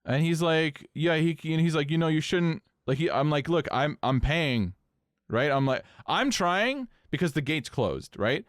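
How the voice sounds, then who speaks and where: Male podcast co-host, lively pitch, dry close sound, storytelling with casual swearing. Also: measured pace, no echo. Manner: animated, swings pitch up when incredulous, swears casually.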